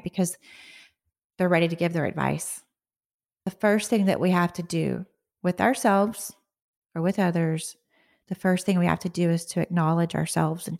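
A woman's voice: lowish voice, gravelly, a little mellow. A middle-aged woman hosting her own podcast, talking in a casual, earnest way and often checking in with "right?". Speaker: podcast host. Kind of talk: casual motivational talk.

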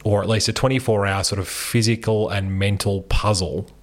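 A man in casual podcast conversation, his voice sitting on the low side. He talks with wry, self-deprecating humour. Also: fairly even intonation, moderate pace. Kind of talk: casual chat.

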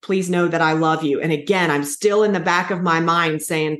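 A woman's voice: low voice, fairly even intonation, a bit bright. Earnest woman in an echoey room. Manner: earnest, halting with restarts. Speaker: guest. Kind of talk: emotional personal storytelling.

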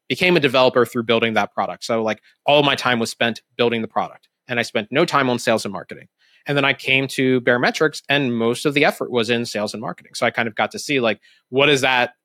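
A man in casual conversation as a podcast guest, rambling and restarting his sentences with plenty of fillers. His voice sits in a middling pitch. The recording is close and dry, with no room sound. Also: pushed and bright, no room sound. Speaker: podcast guest, former CEO. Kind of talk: casual interview talk.

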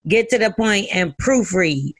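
A woman's voice: mid-range voice, animated, a little slow, rough recording. A woman co-hosting a podcast in casual chat, blunt and profane, laughing often. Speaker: podcast co-host.

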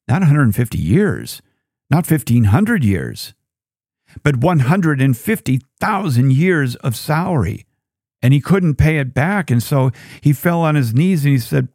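A man teaching scripture, retelling a parable with animated storytelling and frequent rhetorical questions to his listeners. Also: a little high, measured pace, no echo, studio quality. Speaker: Bible teacher.

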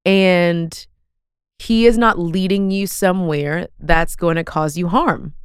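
A woman hosts a podcast in a folksy, earnest and emphatic way. Her voice sits on the low side and sounds smooth and resonant, recorded dry and close. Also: slow, dry recording. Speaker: podcast host. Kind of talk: casual podcast talk.

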